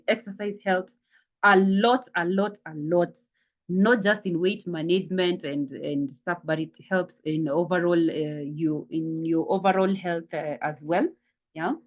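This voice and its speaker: A woman giving a health and wellness talk, repeating words for emphasis, with frequent fillers. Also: on the low side. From Kenya. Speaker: wellness speaker. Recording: dull lo-fi sound.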